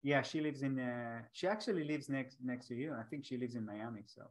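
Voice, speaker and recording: A podcast host with an Israeli accent talks over a video call. He is a man whose first language is Hebrew, and his English comes in halting bits with restarts and odd grammar. His voice sits at a middle pitch. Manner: halting, restarts often, non-native grammar.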